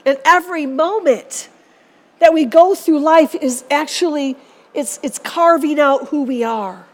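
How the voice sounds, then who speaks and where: A woman's voice: high voice, a little slow. A woman preacher giving a sermon in a church, speaking earnestly and urging her listeners on. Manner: earnest, exhorting.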